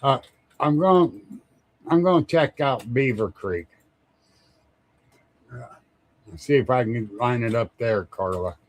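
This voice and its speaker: A man's voice: mid-range voice, slow pace, pauses often. A man hosting a casual live stream, rambling, chuckling often and greeting viewers by name. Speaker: livestream host.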